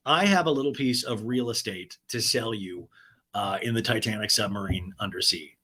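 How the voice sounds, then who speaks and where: A man hosting a podcast, recapping a reality show in a snarky, profane, casual style and putting on mocking high voices for quotes. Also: big pitch swings, moderate pace, fairly bright tone. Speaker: podcast host.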